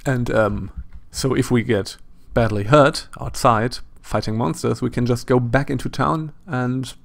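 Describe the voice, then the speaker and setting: A man with a German accent talks through a retro role-playing game, chatty and thinking out loud with self-deprecating remarks. His voice has a gravelly, creaky edge that sinks into vocal fry. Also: mid-range voice, steady tone, measured pace. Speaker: let's play host. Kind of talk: casual gameplay commentary.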